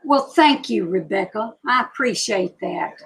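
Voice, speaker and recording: On a low-quality recording, the Southern host in her sixties speaks at medium pitch with lively intonation and vocal fry. She's running a live psychic reading stream from Alabama, chatting casually in her slow drawl and calling out viewers' names.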